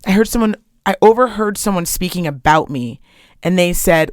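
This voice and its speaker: A woman's voice: fairly low pitch, moderate pace, no room sound, studio quality. A woman co-hosting a podcast, telling stories in a casual, chatty way and swearing freely. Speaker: podcast co-host. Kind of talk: casual chat.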